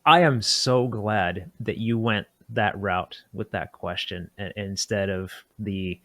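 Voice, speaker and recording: A man's voice: on the low side, slow, a bit bright, no room sound. Enthusiastic male podcast host, dry sound. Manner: enthusiastic, addresses the audience. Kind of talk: interview hosting.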